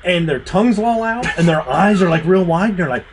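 A man running a tabletop game as game master, narrating with animated storytelling and sound effects. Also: high-pitched, brisk, heavy background noise.

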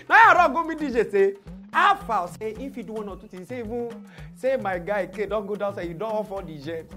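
A woman with a Nigerian Pidgin accent, hosting a podcast and telling an event story with hushed asides and loud outbursts. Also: fairly high pitch. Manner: animated, swings from hushed asides to loud exclaims. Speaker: podcast host.

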